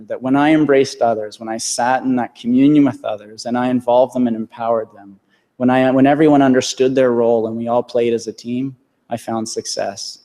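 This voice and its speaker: A man's voice: mid-range voice, darkish tone. A man in his thirties giving a convocation address, earnest and repeating phrases for emphasis, to a large hall. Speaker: convocation speaker. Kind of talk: commencement speech. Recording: echoey hall reverb.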